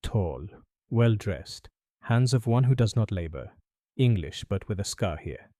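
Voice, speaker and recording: A smooth, calculating French perfumer, voiced by a man in an audiobook mystery. He speaks with a French accent in a low, mellow tone, polite but guarded. The recording is dry and close. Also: expressive, measured pace, no echo. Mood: curious. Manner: suave, polite, evasive. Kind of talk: audiobook character voice.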